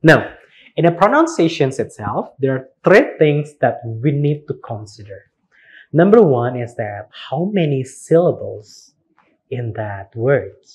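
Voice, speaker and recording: Man, Indonesian accent, husky voice, slow lively lecture delivery. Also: mid-range voice. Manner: slow, spells words letter by letter, repeats words for practice. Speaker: university lecturer. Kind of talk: recorded phonetics lecture.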